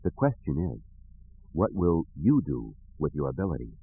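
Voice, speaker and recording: A man's voice: very deep voice, sing-song, creaky, slightly rough, voice pushed down, heavily acted. Man reading a solemn Jedi master. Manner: measured, solemn and quiet. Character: calm, stern male Jedi master teacher. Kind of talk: audiobook character reading. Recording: tinny phone-like audio.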